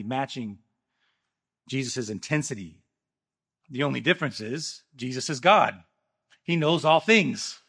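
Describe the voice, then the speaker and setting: A man preaching a sermon, emphatic, rising loud and then dropping quiet. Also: medium pitch. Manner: emphatic preaching, swinging between loud rises and quiet drops. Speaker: pastor.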